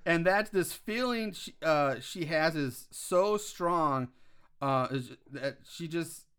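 A man's voice: a little high, slow, a bit bright, clean tone. A man casually recapping a film plot on a podcast, with lots of fillers and laughs. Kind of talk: casual chat.

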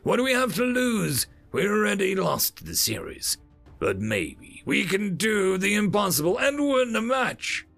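A man voicing an excitable alien male soldier in an audiobook sci-fi story. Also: high voice, measured pace, gravelly, soft background music, voice pushed up, heavily acted. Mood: eager.

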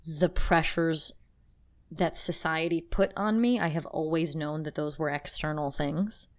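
A woman co-hosting a podcast in casual chat, emotional and halting, laughing through her feelings. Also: low-pitched, fairly even intonation. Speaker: podcast co-host.

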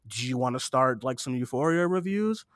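A podcast host chats casually into a desktop mic, rambling and earnest, occasionally swearing and teary-eyed as he talks. His mid-range voice has lively intonation at a normal speed. The sound is clean and dry, studio grade.

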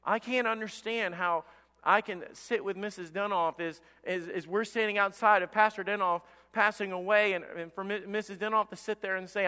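Male pastor, high bright voice, sermon in a reverberant hall, fervent with stammered repeats. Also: fairly even intonation, moderate pace, clear, resonant tone. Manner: impassioned, repetitive stammering restarts.

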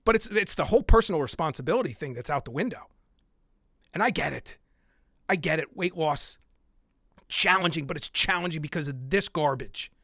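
High-voiced man in an exasperated rant. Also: expressive, fairly quick, pauses often, pushed and bright, dry recording, clean studio sound. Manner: exasperated, worked up, with sighs and muttered asides. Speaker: podcast host. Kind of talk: heated solo podcast rant.

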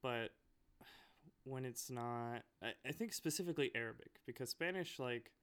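A man's voice: medium pitch, moderate pace, fairly bright tone, clear, resonant tone. A man chatting casually on a podcast, telling stories animatedly and laughing often. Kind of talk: casual chat.

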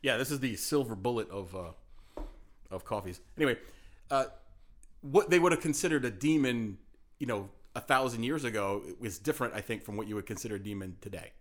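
A man's voice: mid-range voice, lively intonation, a little fast. Joking, incredulous podcast co-host man. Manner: incredulous, joking, rambling with restarts. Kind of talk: casual chat.

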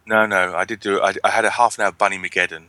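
Wry deep-voiced man chatting. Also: little pitch movement, quick pace, bright, forceful tone, no room sound. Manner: chatty, wry, rambling with restarts. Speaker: podcast co-host. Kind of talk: casual chat.

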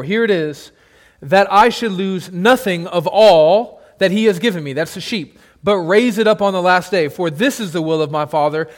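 A male pastor preaching a sermon to his congregation, building to emphatic declarations and then dropping low, sometimes calling on listeners by name. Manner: addresses congregation members by name.

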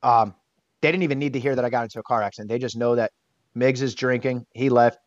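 A man being interviewed, telling a personal story in a candid, animated way and swearing casually. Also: medium pitch, fast, no room sound. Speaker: interview guest. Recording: dull, dry sound.

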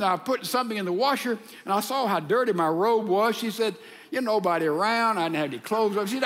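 A man with a high voice preaches to a congregation, retelling a story with lively acted-out quotes. His voice rings with long reverb through a large hall. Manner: animated storytelling, acting out quoted letters. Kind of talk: sermon with storytelling.

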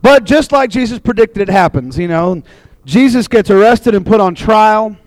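A high-voiced man tells a Bible story as a casual sermon, chatty and animated. His voice is recorded dry and close, with almost no room sound. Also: normal speed, dry recording, low-quality recording. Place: room with a live audience.

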